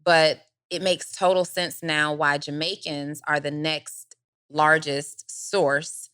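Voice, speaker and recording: A woman's voice: low-pitched, flat delivery, slow, fairly bright tone, smooth, no echo, clean studio sound. A middle-aged woman co-hosting a business podcast, giving direct step-by-step advice. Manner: direct, advising, explains step by step. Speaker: podcast co-host, business coach. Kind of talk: casual chat, advice.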